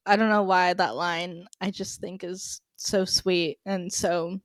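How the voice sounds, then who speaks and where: A woman's voice: on the low side, steady tone, slow, hardly any pauses, no room sound, clean studio sound. A young woman co-hosting a podcast in casual chat, gushing and laughing often as she talks. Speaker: podcast co-host.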